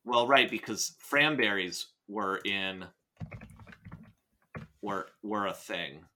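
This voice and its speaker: An American man co-hosting a podcast, chatting and reading a story aloud in an animated way, often repeating himself. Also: lowish voice, takes it slowly, a little hiss or hum. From United States. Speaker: podcast co-host. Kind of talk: casual chat and reading aloud.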